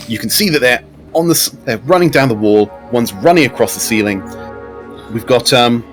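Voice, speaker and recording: Chatty game master. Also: male voice, medium pitch, fairly bright tone. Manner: chatty, with many fillers and restarts. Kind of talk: narrating a tabletop game.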